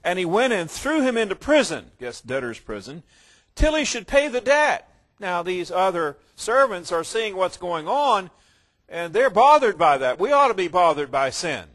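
A man preaching a sermon in a voice a little higher than most men's. He retells the story in his own words, sometimes soft and reflective, then rising to loud, stressed lines. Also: sing-song, normal speed. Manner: storytelling, swings from quiet reflection to loud emphasis.

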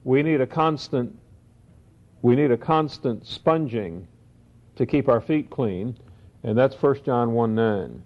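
Slow-reading Bible teacher, man. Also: medium pitch. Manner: reads scripture slowly, then explains in quick asides. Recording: dull lo-fi recording.

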